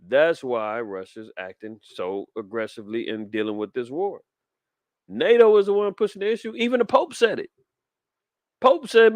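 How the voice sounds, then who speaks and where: A man's voice: medium pitch, moderate pace, dry recording. A man, preaching fiery commentary on the news in street slang. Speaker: podcast host.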